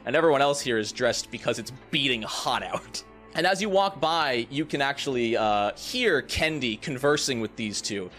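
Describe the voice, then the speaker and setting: A man's voice: mid-range voice, animated, normal speed, fairly bright tone, soft background music. A man running a tabletop game as game master, narrating scenes vividly and with suspense. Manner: vivid, suspenseful description with playful asides.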